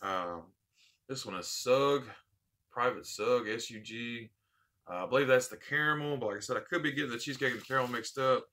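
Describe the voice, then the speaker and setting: A man's voice: medium pitch, fairly quick, pushed and bright. A man hosting a casual unboxing vlog, heartfelt and rambling, repeating his thanks. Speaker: vape channel host.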